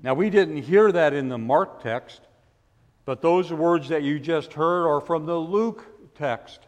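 A man preaching a sermon, asking rhetorical questions and building to forceful emphasis. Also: a little high, measured pace, in a large hall, lo-fi sound. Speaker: pastor.

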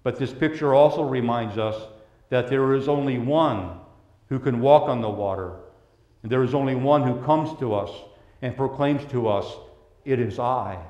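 Soft-spoken pastor preaching in an echoey room. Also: male voice, medium pitch, moderate pace. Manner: gentle, pastoral, swinging between soft hushed passages and raised emphatic ones. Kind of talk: sermon.

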